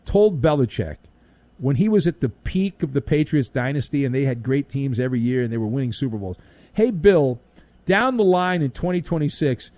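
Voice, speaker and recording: A man's voice: on the high side, a little mellow, no room sound. A man hosting an overnight sports talk radio show, delivering a sarcastic, punchy monologue into a studio microphone.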